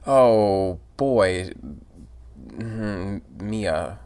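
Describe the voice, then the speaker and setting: A man's voice: fairly low pitch, drawn-out words, darkish tone, clear, resonant tone, no room sound. A drunk man casually rambling and giggling through a let's play, reading the game's lines aloud.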